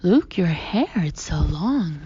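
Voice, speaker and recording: A woman's voice: on the low side, big pitch swings, slow pace, warm tone, slightly rough, muffled recording, full character voice. A woman reading an audiobook, voicing a fussing middle-aged mother with a stilted, theatrical delivery.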